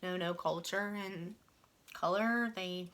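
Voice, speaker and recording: A young woman vents about her job in a frank, chatty storytime, leaning on little fillers as she goes. Her voice is clear and bright, with a keen edge to it. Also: fairly low pitch, slow pace. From West Virginia. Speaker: vlogger. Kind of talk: casual storytime venting.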